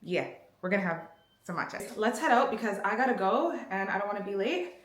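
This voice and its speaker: A woman's voice: medium pitch, animated, brisk, echoey room. A young woman in her twenties chatting casually to her phone camera in a bubbly, giggly way. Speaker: vlogger. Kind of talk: casual vlog chat.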